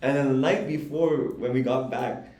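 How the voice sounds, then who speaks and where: A man's voice: medium pitch, moderate pace, darkish tone. A young man chatting as a podcast co-host, rambling through a story with laughs and restarts. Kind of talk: casual chat. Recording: roomy echo.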